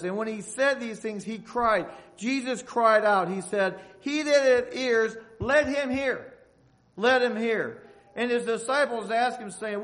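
Male preacher, high-pitched, sermon with scripture readings. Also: a bit bright. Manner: reads scripture aloud in old-fashioned phrasing; asks the congregation for an amen.

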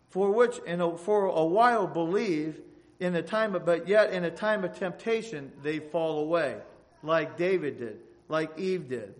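Male preacher, high-pitched, sermon with scripture readings. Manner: reads scripture aloud in old-fashioned phrasing; asks the congregation for an amen.

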